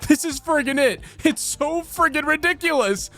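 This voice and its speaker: A man voice actor reading funny posts aloud in an animated, expressive comedic narration. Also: very high-pitched, moderate pace, hardly any pauses, soft background music. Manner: animated, expressive, swings between many voices.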